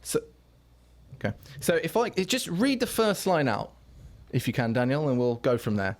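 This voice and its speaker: A man's voice: mid-range voice, big pitch swings, moderate pace. A man playing a flustered film director in a comedy sketch, polite but exasperated. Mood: politely strained.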